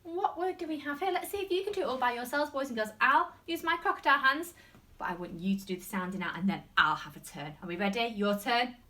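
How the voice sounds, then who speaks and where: A woman with an English accent teaching a phonics lesson to young children, using an animated, exaggerated sing-song classroom voice. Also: fairly high pitch, quick pace, far from the mic. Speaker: primary school teacher.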